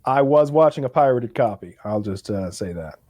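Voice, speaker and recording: A man's voice: medium pitch, normal speed, no room sound. A man co-hosting a podcast, casually retelling a movie and acting out its characters. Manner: animated storytelling, acts out characters. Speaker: podcast co-host. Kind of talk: casual chat.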